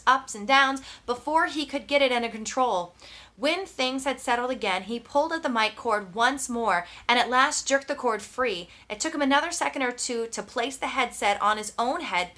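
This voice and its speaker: A woman's voice: on the high side, bright, forceful tone. A woman narrating an audiobook with tense, dramatic storytelling. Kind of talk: scripted narration.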